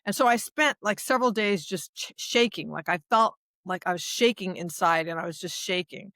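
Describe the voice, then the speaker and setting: A woman from the United States, a lawyer and advocate, answering interview questions in a lively storytelling way with many restarts. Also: fairly low pitch, moderate pace, dry recording, clean studio sound. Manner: animated storyteller, acts out dialogue, many restarts. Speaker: guest, human rights advocate and lawyer.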